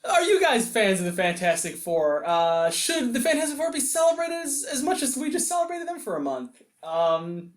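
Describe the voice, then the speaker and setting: A man's voice: very high-pitched, sing-song, normal speed. A man hosting a casual comic-book podcast, making dry, wry jokes. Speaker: podcast host. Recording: roomy echo.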